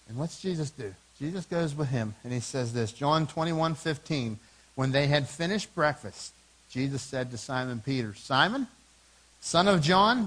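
A man delivers a sermon in a fairly high voice, retelling a story with animated, acted-out dialogue. He rises and falls in loudness as he goes and often restarts his sentences. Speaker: pastor.

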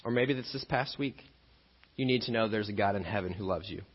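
Guy pastor preaching, animated storyteller, jokey, muffled lo-fi audio. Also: on the low side, brisk, long reverb tail. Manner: animated, joking storyteller who acts out scenes. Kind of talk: sermon with personal storytelling. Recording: dull lo-fi sermon recording.

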